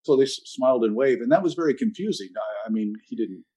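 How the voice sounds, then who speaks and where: Older guy telling stories slow and dry, low dark husky voice. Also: lively intonation. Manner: measured, anecdotal, dry humor. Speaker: interview guest, ocean activist. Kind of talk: storytelling interview answers.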